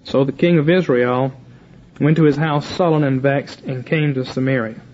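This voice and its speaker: An older man's voice, medium in pitch with a steady, somewhat dark tone, moves at a normal speed through a Bible teaching lecture. He retells scripture informally and takes on the dialogue himself, in a muffled lo-fi recording.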